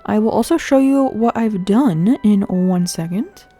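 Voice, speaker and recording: A young woman talks through her video game in a relaxed, rambling way. Her voice sounds stuffy and congested from sniffling, and she keeps thinking aloud as she decides where things go. Soft game music plays faintly behind her. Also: mid-range voice, a little slow, slightly rough. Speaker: gaming video host. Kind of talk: casual gameplay commentary.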